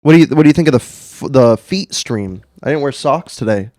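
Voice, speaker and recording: A man co-hosting a casual podcast, making crude jokes and quick asides. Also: mid-range voice, lively intonation, a little mellow, dry recording, clean studio sound. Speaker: podcast co-host.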